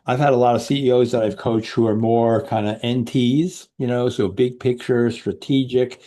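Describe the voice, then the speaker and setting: A middle-aged man hosting an interview, friendly and affirming, a coach who gets animated retelling stories. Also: mid-range voice, moderate pace. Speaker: podcast host and coach. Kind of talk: casual interview talk.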